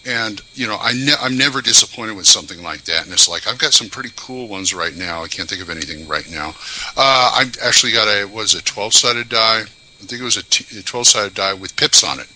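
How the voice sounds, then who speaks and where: A man's voice: fairly low pitch, fairly quick, slight background noise, rough recording. A man co-hosting a casual tabletop gaming podcast, telling anecdotes in a chatty way. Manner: storytelling, animated when quoting. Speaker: podcast co-host. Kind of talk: casual chat.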